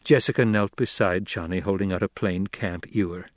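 A man's voice: low voice, dry recording. Male audiobook narrator, dry and close. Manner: measured storytelling. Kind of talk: scripted narration.

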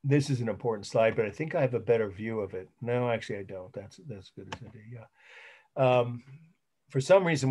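A man's voice: mid-range voice, a little mellow. A middle-aged man giving a college art history lecture, rambling and correcting himself, spelling out terms letter by letter. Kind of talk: recorded online lecture.

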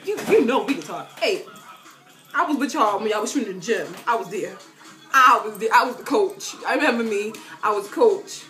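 A teenage girl vlogging from her bedroom and answering fan questions in a chatty, joking way. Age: teens. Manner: chatty, joking, dramatic swings in loudness and pitch. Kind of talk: casual Q&A vlog talk. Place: bedroom at home.

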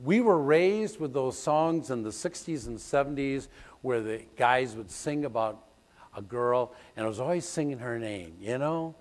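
Older male pastor, slightly high voice, animated storyteller, church hall reverb. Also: normal speed. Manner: storytelling, animated, bursts into loud sung song snippets. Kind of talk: sermon. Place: church sanctuary.

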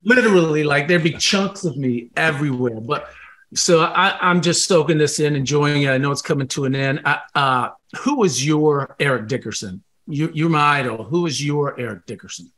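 A man co-hosting an interview podcast who talks excitedly and laughs between his words. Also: on the high side, normal speed. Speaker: podcast co-host. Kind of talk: casual interview chat.

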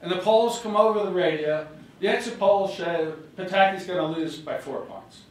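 An older man addresses a reception crowd in a political speech, telling stories with lively, acted-out quotes in a slightly high voice. He is heard from some distance in a very echoey hotel ballroom, with faint room noise behind him. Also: moderate pace. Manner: storytelling, animated, acts out quotes. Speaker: former governor giving a speech.

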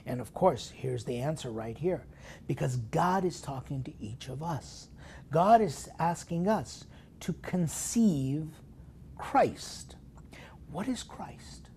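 A man preaching a sermon as a priest, putting strong stresses on key words, dropping into hushed whispered asides and asking his listeners questions. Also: on the high side, animated, slow pace, creaky, slight background noise. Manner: emphatic, swinging between loud stresses and hushed whispered asides; talks straight to listeners with rhetorical questions. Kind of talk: sermon meditation broadcast.

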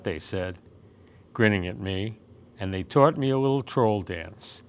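A man reading a children's picture book aloud at storytime, with gentle, expressive storytelling. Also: lowish voice, a little slow, clean tone. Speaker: storytime reader.

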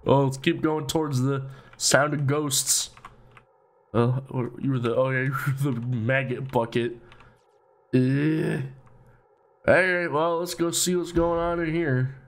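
A man's voice: medium pitch, fairly even intonation, takes it slowly. A young man hosting a let's play of a horror game, talking in casual commentary, joking, swearing and sarcastic.

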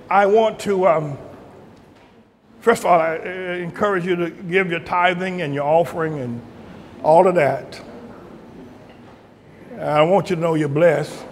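An older man preaching a fiery sermon as pastor, breaking into laughter and shouting at the high points. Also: a little hiss or hum. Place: large church hall. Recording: echoey church hall.

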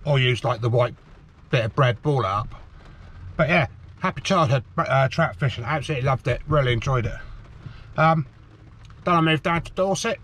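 A man's voice: medium pitch, lively intonation, normal speed, pauses often, a bit bright. A middle-aged man from the Cotswolds chatting outdoors to his fishing channel viewers, rambling and calling them "guys", his speech thickened by a sweet in his mouth. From England, the Cotswolds. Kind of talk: casual vlog chat to viewers. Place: outdoors on the shore of a harbour, light rain. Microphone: camera on a tripod.

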